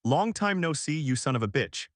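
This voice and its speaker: A man's voice: a little high, sing-song, normal speed, no echo. Confused blunt young guy, read by a male narrator, dry close sound. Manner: puzzled, blunt. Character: bewildered, blunt young man.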